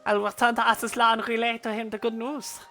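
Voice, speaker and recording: A polished, courteous male scholar speaks with a clear German accent, put on by a woman reading game dialogue. He talks in formal, measured sentences with a bright, clear tone. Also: fairly high pitch, little pitch movement, soft background music.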